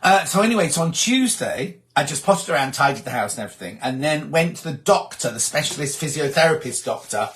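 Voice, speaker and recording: Host, male, middle-aged, rambling gossipy chat, voice a touch high. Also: lively intonation, a little fast, few pauses, a bit bright. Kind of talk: casual live chat reading viewer messages.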